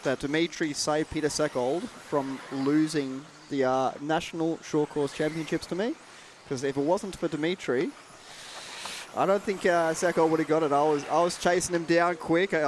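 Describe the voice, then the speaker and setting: Guy calling rc race positions, bit higher voice, dry teasing humor, faint noise around. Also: fairly even intonation, moderate pace. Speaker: race commentator. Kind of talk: live race commentary.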